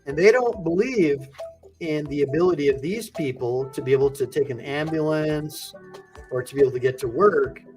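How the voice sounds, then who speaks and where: Brief: male attorney-host, slightly high voice, heated ranting livestream commentary. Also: normal speed, a little mellow, faint music behind. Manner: ranting, heated rhetorical questions. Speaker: attorney and online show host.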